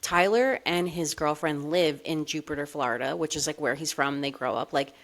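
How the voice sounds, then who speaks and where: A woman's voice: deep voice, moderate pace. A woman co-hosting a podcast in casual chat, peppering her talk with "like". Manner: chatty, heavy use of "like". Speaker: podcast co-host.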